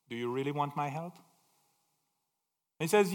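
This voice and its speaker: A man's voice: mid-range voice, a little slow, long pauses, smooth. Preacher man in a reverberant hall. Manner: dramatic storytelling with swings from loud to soft. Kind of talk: sermon.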